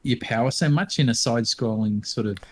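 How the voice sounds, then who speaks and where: A man's voice: mid-range voice, a little fast, a little hiss or hum. A man in his fifties co-hosting a podcast, talking casually with many ums and restarts. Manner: hesitant, lots of ums. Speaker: podcast co-host. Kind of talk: casual chat.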